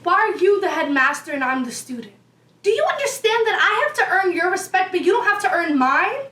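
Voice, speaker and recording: A woman's voice: very high voice, big pitch swings, sharp tone, heavily acted. Young woman doing a defiant young guy student, indignant, far off in an echoey room. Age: young adult. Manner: indignant, rapid, challenging questions. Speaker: actor. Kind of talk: stage monologue. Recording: echoey room, distant mic.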